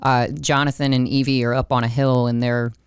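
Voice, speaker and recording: A woman's voice: rumbling low, little pitch movement, a little fast, clean tone, no room sound, clean studio sound. A woman co-hosting a casual movie podcast, chatty and laughing as she talks. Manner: chatty, laughs while telling. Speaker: podcast co-host.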